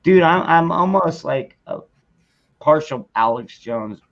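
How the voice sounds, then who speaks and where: A man's voice: on the high side, expressive, slow, creaky. A man hosting a livestream, chatting in a loose, cussing and self-mocking way. His voice comes through dull and a bit muffled. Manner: laid-back, profane, self-mocking. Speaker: livestream host. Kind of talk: casual livestream chat.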